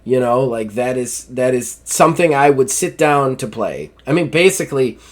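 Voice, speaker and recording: A man's voice: mid-range voice, expressive, moderate pace. Laid-back rambling podcast man. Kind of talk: casual podcast chat.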